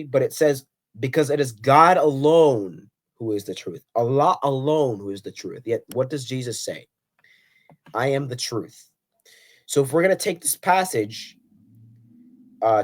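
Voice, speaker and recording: A man hosting a solo video, reading scripture verses aloud and arguing his points with pointed rhetorical questions. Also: darkish tone. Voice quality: voice cracks on high notes. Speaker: Christian apologetics video host.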